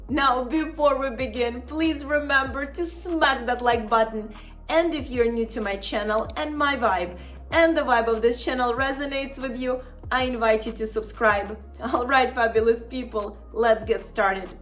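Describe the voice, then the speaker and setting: A woman with a fairly high voice hosts a travel tips vlog, chatting warmly to her viewers and slipping in little laughs. Soft music hums faintly in the background. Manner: chatty and encouraging, addresses viewers as "fabulous people", laughs often. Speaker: travel vlogger. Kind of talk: upbeat tips vlog to camera.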